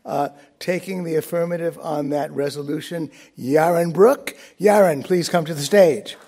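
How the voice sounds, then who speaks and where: A man moderating a live debate, introducing the speakers with halting, filler-laden phrasing. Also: a little high, dark tone.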